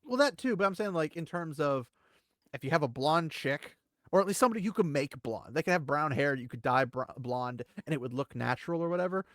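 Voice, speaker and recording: A man co-hosting a casual commentary chat, rambling and animated, swinging between loud bursts and quiet asides. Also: a little high, brisk, no echo, clean studio sound. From United States. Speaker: co-host.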